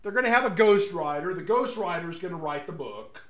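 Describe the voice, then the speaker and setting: A man with a fairly high voice rambles through a casual, opinionated monologue. He mocks his targets and chuckles at his own jokes. His voice rings in an echoey room. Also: animated, a little fast, a bit bright. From West Texas.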